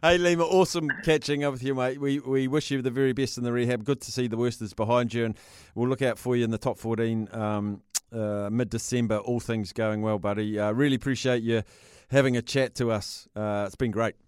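A man's voice: mid-range voice, fairly even intonation, fairly quick, a little mellow, clear, resonant tone, dry recording, clean studio sound. A male host, chatting in a jokey, matey way. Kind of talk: casual interview.

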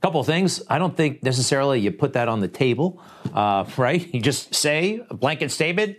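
A man's voice: on the high side, animated, moderate pace. Guy ranting on a commentary show, voice jumps all over, sarcastic questions. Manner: emphatic, with sarcastic rhetorical questions. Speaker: commentary host. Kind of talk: opinion commentary.

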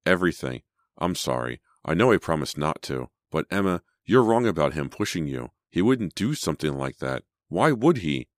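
A flustered, defensive teenage girl, protesting and pleading, as a man with a very deep voice puts her on. The reading is dry and close, her pitch lifted above his own. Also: sing-song, moderate pace, no echo. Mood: confessing.

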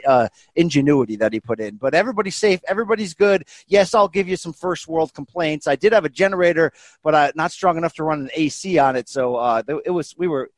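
A man hosting a podcast, talking in a hyped, jokey, animated way. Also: on the high side, fast talker, no room sound. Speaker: podcast host. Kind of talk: energetic podcast chat.

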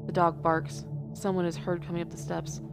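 A woman's voice: fairly low pitch, level tone, moderate pace, creaky, music in the background. A woman player reading stage directions from a play script aloud.

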